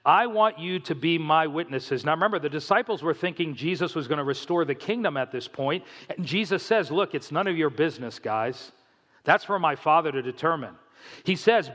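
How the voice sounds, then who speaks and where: A man preaches a sermon from the pulpit, telling stories with animation and acting out the voices of the people he quotes. His voice sits a little high. It rings with the long reverb of a church sanctuary. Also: a bit bright. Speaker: pastor.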